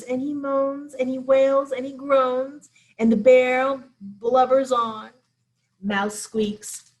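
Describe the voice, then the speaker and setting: Slow, expressive children's librarian, woman. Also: high voice. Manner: expressive, animated storytelling. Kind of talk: storytime reading to children.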